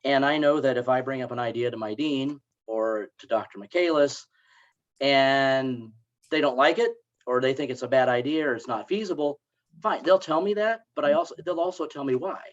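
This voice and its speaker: An earnest man at a mid pitch speaks up on a college webinar, hesitating as he gathers his thoughts. His audio is a little dull and lo-fi. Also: normal speed. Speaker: college staff member. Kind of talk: casual webinar talk.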